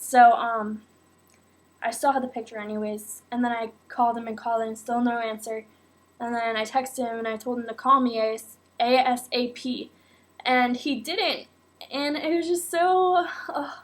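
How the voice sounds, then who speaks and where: A young woman vlogger telling a personal story in a casual, animated way, full of "like" and "oh my God". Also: on the high side, normal speed. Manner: animated, acts out quotes, many fillers like "like" and "oh my God".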